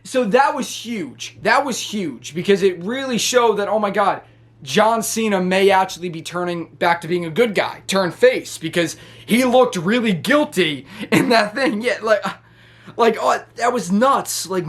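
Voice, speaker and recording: A man recapping a wrestling show in an excitable, rambling way, with many restarts. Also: high-pitched, unhurried. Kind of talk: casual recap commentary.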